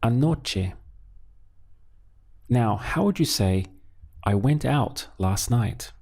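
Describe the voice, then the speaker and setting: A man's voice: mid-range voice, lively intonation, takes it slowly, a little mellow, breathy edge. A man teaching a language lesson, patiently asking how to say a phrase and then giving the answer himself. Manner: patient, asks questions then gives the answer.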